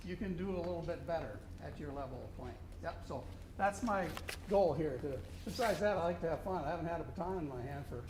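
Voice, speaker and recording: A man working as a contest judge, coaching a student band and singing rhythms aloud to show them. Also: high-pitched. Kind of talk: instructional clinic to a student band. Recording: echoey room with faint noise.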